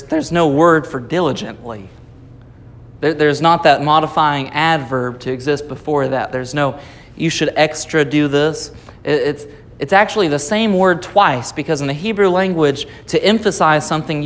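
A man's voice: fairly high pitch, a bit bright. A man preaching a Sunday sermon, explaining scripture patiently and repeating key phrases for emphasis. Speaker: pastor.

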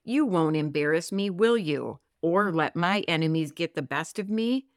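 A woman co-hosting a Christian podcast, talking earnestly and reading scripture slowly and expressively. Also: sits low, animated, no room sound, clean studio sound. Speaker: podcast co-host.

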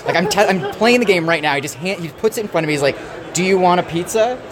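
A man's voice: a little high, expressive, very fast. A man showing his game at a convention, short on sleep and losing his voice, telling a rambling story full of fillers. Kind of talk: convention floor interview. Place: busy convention hall. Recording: loud crowd chatter behind.

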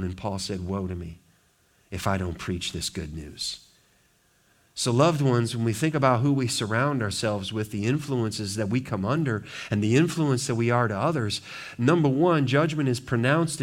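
A pastor preaching with emphasis, his mid-range voice neither high nor low. He rises to forceful declarations, then drops into hushed, quieter asides. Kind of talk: sermon.

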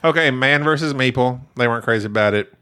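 A man co-hosting a casual podcast, tossing in quick wisecracks. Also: mid-range voice, pushed and bright, clean tone. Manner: wisecracking, quick jokey interjections. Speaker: podcast co-host. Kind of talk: casual chat.

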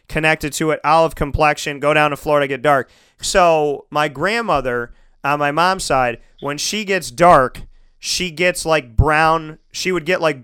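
Radio host guy, kinda high, super clear voice, rambly casual storytelling. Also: dry recording. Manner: animated, rambling, lots of restarts and fillers.

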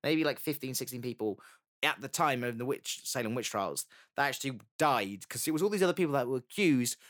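A man's voice: mid-range voice, fairly quick. A young man telling a history story in casual chat, joking and slipping into silly voices. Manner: lively, jokey, slips into silly voices. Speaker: podcast co-host.

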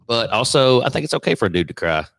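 A man's voice: mid-range voice, sing-song, quick pace, gravelly, a bit bright, dry recording. A man with a Southern US accent, rambling and joking as a podcast co-host in casual chat. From American South. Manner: rambling, joking, laughs often.

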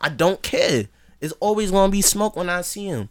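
A man's voice: sits high, normal speed, no echo, studio quality. A man co-hosting a casual podcast, trading jokes and banter with friends. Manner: joking banter, lively. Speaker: podcast co-host. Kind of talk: casual chat.

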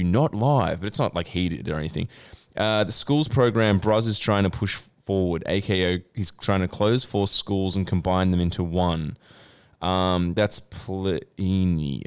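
An Australian man chatting on a podcast in a lowish voice that swings up and down a lot. He rambles loosely through viewer requests, swearing and laughing as he goes. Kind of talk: casual podcast chat.

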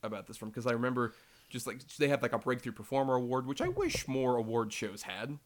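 A man in the middle of a relaxed film podcast, his voice at an ordinary middle pitch. He chats easily and drops in wry joking asides. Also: fast talker. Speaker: podcast co-host. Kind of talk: casual film discussion.

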